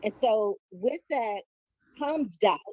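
A woman's voice: medium pitch, animated, takes it slowly, dark tone, breathy edge, dry recording. A woman adding her thoughts in a Bible study discussion, speaking in a thoughtful, conversational way. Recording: dull dry audio.

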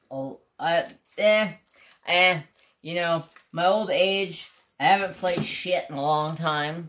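A middle-aged man chatting casually and bluntly while doing a craft, rambling and swearing freely. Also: mid-range voice. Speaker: craft channel host. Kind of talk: casual chat while diamond painting.

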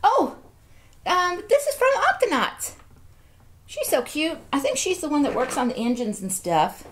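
A woman's voice: high voice, very animated, unhurried, slight background noise. A woman, chatting casually while unboxing toys and cooing over each one. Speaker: toy collector vlogger.

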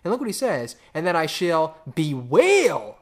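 A man, a pastor, teaching a verse-by-verse Bible study in a lively, animated way, acting out the voices he quotes and repeating phrases for emphasis. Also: fairly high pitch, measured pace.

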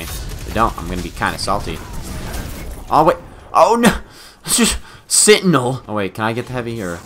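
A young man giving live commentary over his own video game match, muttering one moment and shouting the next. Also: deep voice, a little hiss or hum. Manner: excitable, swings from mutters to loud outbursts. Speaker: gaming YouTuber.

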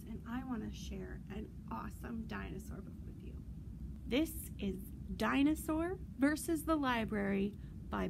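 A woman leading a virtual storytime for children as a librarian, speaking in a slow, singsong, animated way with loud playful roars. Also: a little high, gravelly, noisy background.

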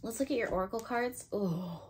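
Woman doing a pick-a-card tarot reading, emotional and intuitive, thinks out loud, middle pitch. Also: a little fast, heavy background noise. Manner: emotional, intuitive, thinks aloud, bursts of excitement.

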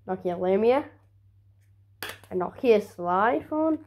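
A woman's voice: medium pitch, expressive, takes it slowly, darkish tone, slight background noise. A woman unboxing a new phone for her vlog, talking casually with sarcastic, grumbling asides. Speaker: vlogger.

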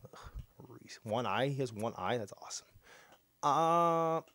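A young man hosting a casual let's-play, sarcastic and excitable, slightly ill and clearing his throat. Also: medium pitch, a little fast. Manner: sarcastic, reacting excitedly to gameplay. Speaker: gaming channel host. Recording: faint game music behind.

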